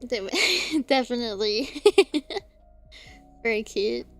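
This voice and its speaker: A woman's voice: fairly high pitch, steady tone, slow pace, soft background music. A young woman streaming, chatting casually about games, laughing often and swearing now and then. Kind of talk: casual chat.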